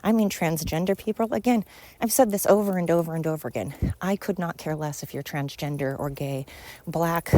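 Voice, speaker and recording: A woman with a fairly low voice talks straight to her podcast listeners in a heartfelt, rambling monologue that is full of fillers and repeated points. She sounds slightly winded, as if speaking while walking outdoors. The recording is dry and close. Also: dark tone, no room sound. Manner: earnest, rambling, emphatic with many fillers. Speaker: podcast host. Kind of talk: casual monologue.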